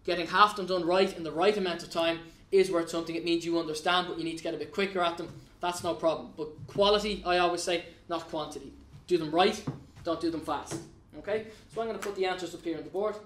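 A man's voice: on the high side, steady tone, fast talker, fairly bright tone, distant mic, slight background noise. A man with an Irish accent teaching an Irish language lesson at a whiteboard, patiently spelling out letters and walking through examples. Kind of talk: recorded classroom lesson at a whiteboard. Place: classroom with a whiteboard. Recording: echoey room, voice off-mic.

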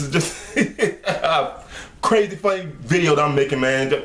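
A young man talking casually to his viewers in a relaxed, rambling way, laughing between thoughts. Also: fairly high pitch, a little slow, reverberant, faint music behind. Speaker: video creator. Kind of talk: casual vlog talk.

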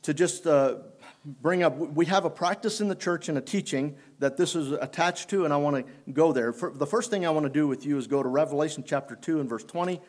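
A man preaching a sermon in church, unhurried and halting, often restarting his phrases. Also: fairly high pitch, darkish tone. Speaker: pastor.

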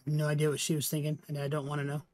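A man giving casual gameplay commentary as a channel host, chatty and self-deprecating, quick to apologize for his slips. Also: a little high, monotone, a little mellow.

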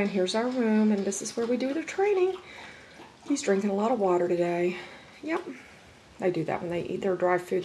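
A woman's voice: lowish voice, a little mellow, a little hiss or hum. A middle-aged woman, a dog breeder chatting casually through a home video and talking baby talk to her dogs. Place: house, indoors.

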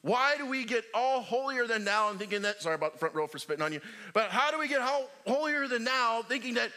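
A middle-aged male pastor preaching a sermon in a church, joking with the congregation and swinging from loud calls to near whispers. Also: high voice, fast talker. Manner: animated, joking preacher with big swings in loudness. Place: church sanctuary.

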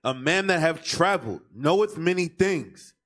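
A man reading scripture aloud in a steady, plain manner. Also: a little high, moderate pace. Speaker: scripture reader.

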